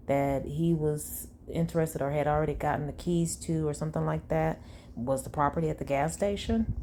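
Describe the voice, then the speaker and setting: A woman's voice: sits low, mellow, slight background noise. A woman reading text messages aloud and adding her own sassy, blunt asides in a conversational way. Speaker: commentary channel host. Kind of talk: reading texts aloud with commentary.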